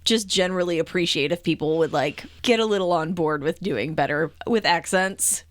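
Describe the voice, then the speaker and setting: Low-voiced woman podcast co-host, dry sound. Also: moderate pace, no echo. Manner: thoughtful, mildly opinionated, uses many "like" fillers. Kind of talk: casual movie podcast chat.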